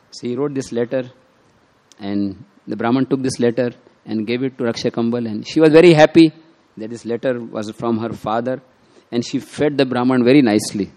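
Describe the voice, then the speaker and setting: A man with a warm, mid-range voice preaches a sermon by retelling a devotional story. He acts out the quotes and slips in small laughs.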